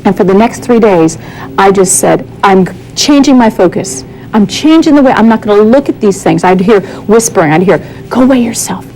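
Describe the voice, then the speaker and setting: A woman's voice: medium pitch, lively intonation, normal speed, warm tone, a little hiss or hum, poor audio. A woman giving a candid, earnest personal testimony as a guest on a talk show, often acting out the dialogue she quotes.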